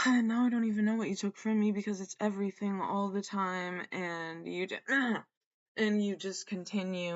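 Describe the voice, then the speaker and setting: A woman's voice: medium pitch, fairly even intonation, normal speed, lo-fi sound. A woman hosting a podcast, rambling through a solo monologue, swearing and trailing off mid-thought. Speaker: podcast host.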